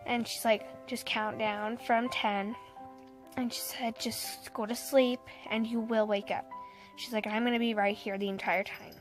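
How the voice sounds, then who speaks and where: A woman's voice: on the high side, little pitch movement, unhurried, faint music behind. A young woman casually telling a personal story to the camera, laughing often and acting out what people said.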